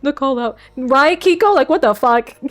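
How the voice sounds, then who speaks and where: A young woman VTuber chatting live to her viewers from home on a desk microphone. She is excitable, swears freely and laughs a lot. Her voice sits a little high and jumps up and down a lot, with faint music playing behind her. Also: moderate pace. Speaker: VTuber streamer. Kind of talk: casual live-stream chat.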